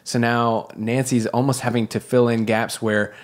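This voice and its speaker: A man's voice: medium pitch, flat delivery, normal speed. A man co-hosting a podcast, speaking thoughtfully and searching for words. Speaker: podcast co-host. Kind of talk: casual podcast chat.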